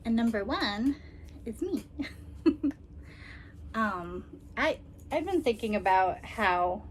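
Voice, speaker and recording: A woman vlogger talking casually and tenderly, with frequent ums and soft laughs, near tears. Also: fairly high pitch, slight background noise. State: emotional, holding back tears. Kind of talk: casual personal vlog.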